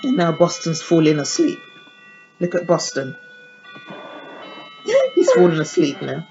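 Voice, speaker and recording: A woman's voice: sits low, very animated, unhurried, pauses often, warm tone, soft background music. Chatty woman cooing over baby dolls. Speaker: doll channel vlogger. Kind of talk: casual toy unboxing demo. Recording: dull lo-fi sound with faint noise.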